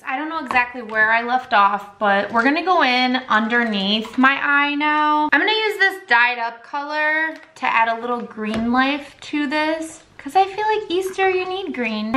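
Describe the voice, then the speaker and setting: Bright, chatty young woman. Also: a little high, a little hiss or hum. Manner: chatty and rambling, switches to baby talk with her dog. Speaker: makeup vlogger. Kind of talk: casual makeup tutorial chat. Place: her home.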